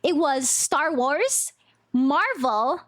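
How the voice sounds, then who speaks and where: High-voiced bubbly woman streamer. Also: expressive, drawn-out words, a bit bright. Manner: bubbly, rambling, laughs easily. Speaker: VTuber streamer. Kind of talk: casual live-stream chat.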